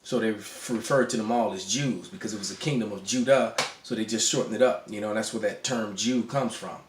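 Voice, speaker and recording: Halting man teaching in a roomy room. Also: lowish voice, noisy background. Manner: halting, restarts words, frequent "all right" check-ins. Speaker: bible teacher. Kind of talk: casual teaching to camera. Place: indoor room. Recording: roomy echo.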